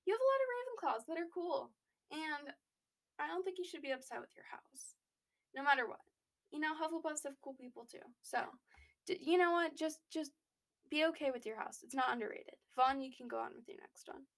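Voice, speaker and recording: A young woman with a high voice chats casually as a podcast co-host. She talks loosely, packing in fillers and restarting sentences as she goes. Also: a little fast. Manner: chatty, lots of fillers and restarts. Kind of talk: casual chat.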